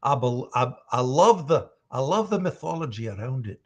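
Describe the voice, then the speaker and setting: A man's voice: medium pitch, big pitch swings, moderate pace. A man voice actor chatting casually, reading fan questions aloud and telling stories with frequent chuckles. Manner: chuckly, storytelling, reads chat aloud. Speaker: voice actor at a live signing.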